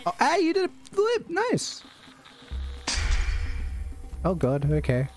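Jokey gamer reacting out loud while playing, voice jumps all over, game music under it. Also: high-pitched, huge pitch swings, takes it slowly. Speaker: gaming channel host. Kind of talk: let's-play commentary.

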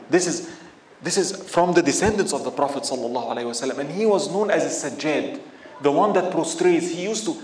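A sheikh giving a religious lecture in English, telling stories, asking the audience questions and mixing in Arabic phrases. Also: male voice, on the high side, echoey room, slight background noise. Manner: storytelling, asks the audience questions.

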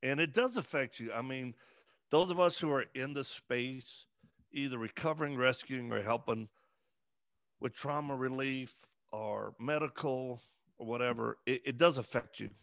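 Man guest, gravelly voice, earnest halting delivery, dry close mic. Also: medium pitch, fairly bright tone, dry recording. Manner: earnest, halting, many fillers and restarts. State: emotional, voice breaking at times. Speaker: interview guest. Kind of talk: conversational interview.

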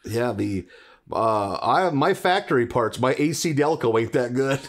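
A man's voice: mid-range voice, lively intonation, unhurried. A man hosting a podcast over a remote call, joking around and laughing often. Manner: giggly, riffs into silly bits. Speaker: podcast host. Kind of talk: casual comedic chat. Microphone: remote call recording.

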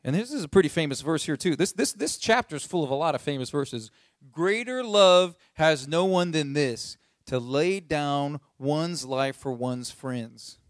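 A man's voice: on the high side, expressive, a little slow, no room sound, studio quality. Casual, emphatic male preacher. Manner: casual and emphatic, repeats key lines for stress. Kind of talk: conversational sermon with scripture reading.

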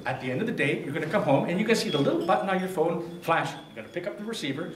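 A man's voice: on the high side, animated, racing, a crowd in the background. A man giving a humorous prepared speech at a club event, telling a story with comic timing. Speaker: toastmasters speaker. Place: restaurant dining room at a club event. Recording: echoey room, distant mic, background noise.

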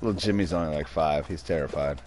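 A man's voice: rumbling low, quick pace, over music. A man streaming a game, chatting casually with viewers and his pet. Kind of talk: casual livestream chat.

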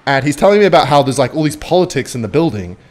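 A man's voice: mid-range voice, very animated, rapid-fire. A young man telling a rambling, self-mocking anecdote while commenting on his own gameplay, with frequent swearing. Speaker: gaming channel host. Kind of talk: storytelling over gameplay commentary.

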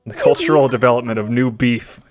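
A woman's voice: a bass voice, steady tone, brisk, darkish tone, soft background music. A woman streaming a video game, chatting casually, laughing easily and explaining how the game works. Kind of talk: casual chat while gaming.

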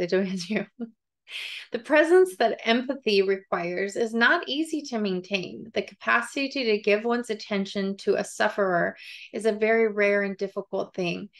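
A woman's voice: medium pitch, gravelly. A woman reading a book chapter aloud for a book club, breaking off into chatty, digressive asides and frequent laughs.

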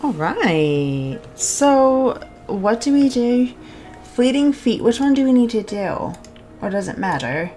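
A woman's voice: fairly high pitch, takes it slowly, faint music behind. Bubbly giggly woman playing a farm game. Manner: bubbly, giggly, easily excited. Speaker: gaming channel host. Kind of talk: casual let's-play commentary.

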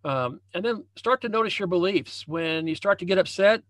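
Higher-voiced man coaching over a video call. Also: lively intonation, normal speed, fairly bright tone, no room sound. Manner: conversational, repeats phrases and restarts often. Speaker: leadership and success coach. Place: home room with a banner hung as backdrop.

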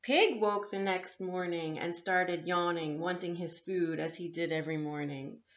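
Woman reading a picture book slowly. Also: fairly low pitch. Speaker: librarian reading for story time. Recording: echoey, slightly dull room.

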